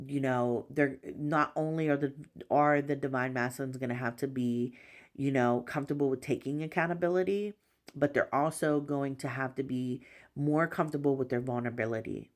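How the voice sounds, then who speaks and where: A woman with a very deep voice gives a spiritual collective tarot reading at a moderate pace. She speaks gently and reassuringly, repeating affirmations and often saying "you know."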